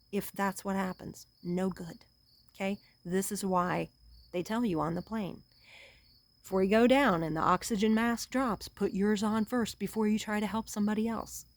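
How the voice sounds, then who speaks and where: A woman giving an earnest, animated pep talk to her viewers, calling them honey. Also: mid-range voice, dry recording. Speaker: self-help vlogger. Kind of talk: encouraging talk to camera.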